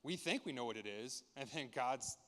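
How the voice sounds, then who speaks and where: A man's voice: mid-range voice, expressive, normal speed. A man in his thirties sharing a candid, earnest personal testimony with a church congregation, often restarting his sentences as he tells the story. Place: large church sanctuary. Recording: long reverb of a church hall.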